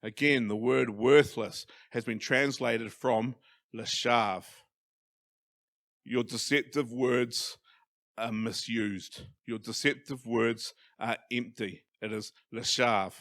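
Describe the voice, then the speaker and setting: A New Zealand-accented man delivers a church sermon, with a voice of middling pitch. He leans hard on key words, then drops to soft, quiet asides. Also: fairly even intonation, takes it slowly. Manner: emphatic, swinging from loud stresses to quiet asides. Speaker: pastor. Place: church hall.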